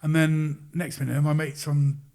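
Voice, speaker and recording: This one's a fairly high-pitched, somewhat slow male voice belonging to a middle-aged coach who's guesting on a podcast. His storytelling is easygoing and animated, with chuckles and little performances of what people said.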